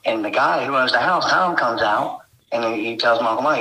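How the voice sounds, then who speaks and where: A man's voice: mid-range voice, animated, brisk, pushed and bright, roomy sound, rough recording. A man telling of his frightening encounters as a guest, rambling and intense, packing his story with filler phrases. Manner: rambling, intense, full of "you know". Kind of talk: emotional first-person storytelling.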